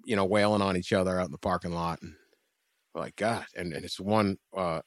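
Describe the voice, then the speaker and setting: A man with a fairly low voice recorded close on a dead, dry mic. He tells a personal anecdote in loose, rambling podcast chat, building energy toward the funny bits. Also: fairly even intonation, fairly quick, dry recording. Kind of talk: casual storytelling on a podcast.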